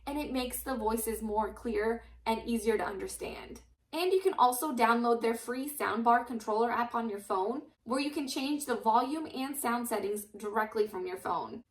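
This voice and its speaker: A young woman with a high, bright-sounding voice walks through a product she loves, upbeat and enthusiastic. She talks in a home living room, a little away from the mic, so the room rings around her. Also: normal speed, far from the mic. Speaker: product reviewer host. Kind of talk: casual product review. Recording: roomy echo, mic set back.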